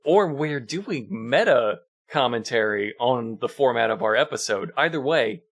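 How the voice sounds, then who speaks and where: Podcast guy chatting, wry and amused, laughs a lot, mid-pitched voice. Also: animated, a little slow. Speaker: podcast co-host. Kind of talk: casual chat.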